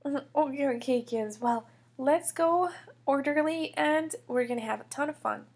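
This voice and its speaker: A woman's voice: high-pitched, normal speed. A woman doing a patient kindergarten teacher. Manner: calm, coaxing, motherly. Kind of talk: toy figure storytelling.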